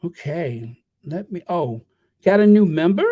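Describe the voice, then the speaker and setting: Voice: mid-range voice, expressive, measured pace, dark tone, no room sound. A livestream host chatting casually, rambling and stammering while reading viewer messages aloud.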